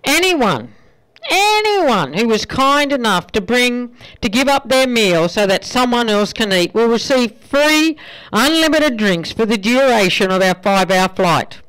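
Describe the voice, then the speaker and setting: A radio host voicing a nervous, apologetic Irish flight attendant making cabin announcements, in an Irish accent. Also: female voice, a little high, sing-song, measured pace, fairly bright tone, clear, resonant tone, pitched above the performer's own voice, low-quality recording.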